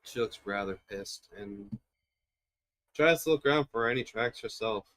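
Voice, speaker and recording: A man's voice: fairly low pitch, normal speed, a bit bright, no room sound. A man narrating his character's actions in a tabletop game. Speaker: player.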